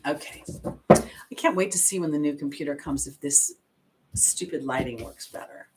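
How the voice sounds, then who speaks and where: Low-voiced chatty woman card reader. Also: moderate pace, very noisy. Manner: chatty and expressive, talking straight to viewers. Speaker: intuitive astrologer and oracle card reader. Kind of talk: casual oracle card reading for viewers.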